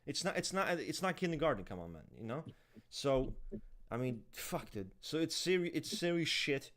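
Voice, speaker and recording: A man in casual podcast talk, ranting and swearing heavily in an animated way. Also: fairly high pitch, normal speed. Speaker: podcast co-host. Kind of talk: heated casual discussion.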